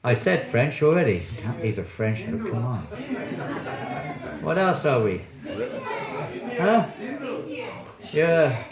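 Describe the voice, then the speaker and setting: Lively joking preacher in an echoey hall. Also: male voice, on the high side, takes it slowly, long pauses, crowd noise. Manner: chatty, joking, quizzes the audience. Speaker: visiting swami giving a scripture class. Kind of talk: sermon with audience questions. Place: temple hall.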